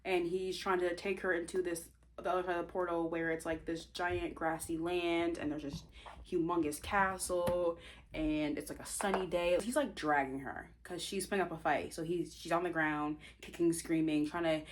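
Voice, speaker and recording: This is a young woman chatting casually as she does her makeup. Her voice sits a little low, and she tells the story in an animated, slangy way. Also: moderate pace. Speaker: vlogger and author.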